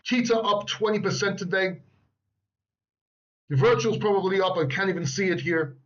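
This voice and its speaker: High-voiced man rambling over crypto charts. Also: normal speed, fairly bright tone, highs cut off. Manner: rambling, boastful, joking asides. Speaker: crypto channel host. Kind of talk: casual market commentary over charts. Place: beach house. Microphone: laptop microphone.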